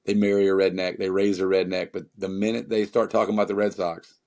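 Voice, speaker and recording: A man's voice: deep voice, level tone, fast talker, a little mellow. A man from North Carolina with a Southern accent, a musician guest chatting casually and emphatically, rambling with many fillers. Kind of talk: casual podcast chat.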